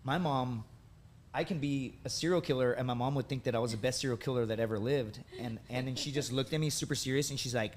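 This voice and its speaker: A man's voice: mid-range voice, fast talker. Man in his thirties telling stories. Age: 30s. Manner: animated, says "dude" and "right?" often. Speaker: podcast guest. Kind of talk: casual storytelling.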